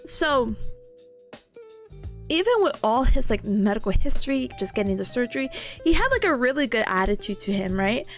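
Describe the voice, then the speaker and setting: A young woman from New York rambles through a story on her stream, giggly and animated. Her voice sits high and swoops widely. Soft music plays faintly behind her. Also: normal speed. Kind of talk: casual storytelling on a study stream.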